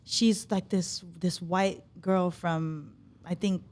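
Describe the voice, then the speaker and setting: A woman's voice: fairly low pitch, fairly even intonation, a little mellow. Female podcast host, friendly conversational delivery. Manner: chatty, affirming, quick to agree.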